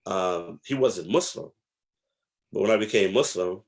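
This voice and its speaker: Low-voiced man telling stories slowly. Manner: reflective, slow, emphatic storytelling with many fillers. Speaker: guest, historian. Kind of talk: casual interview storytelling.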